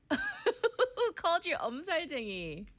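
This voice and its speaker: A woman hosting a morning radio show in a studio, chatting casually and laughing often. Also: very high voice. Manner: lively, laughs often, asks quick questions. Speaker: radio host.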